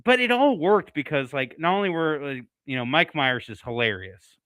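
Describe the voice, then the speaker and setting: A man's voice: fairly high pitch, lively intonation, normal speed, fairly bright tone, dry recording. A man co-hosting a casual movie talk show, thinking aloud with many fillers. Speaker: co-host. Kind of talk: casual chat.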